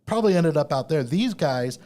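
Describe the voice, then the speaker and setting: A man's voice: fairly high pitch, expressive, a little fast, darkish tone. Profane, casual man hosting a live podcast. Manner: profane storytelling of news items. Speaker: podcast host. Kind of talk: casual chat. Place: store, live broadcast.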